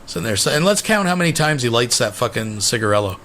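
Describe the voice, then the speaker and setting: A man's voice: mid-range voice, very animated, fast talker, fairly bright tone, slight background noise. A man hosting a channel, delivering a scornful, profane commentary rant. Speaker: channel host.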